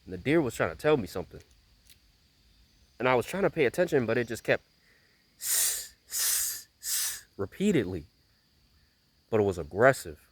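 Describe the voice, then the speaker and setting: A man's voice: mid-range voice, very animated, brisk, long pauses, breathy edge, no echo. Rambling man vlogging outdoors. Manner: rambling, repeats himself, emphatic. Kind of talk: casual vlog storytelling. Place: outdoors on a small bridge.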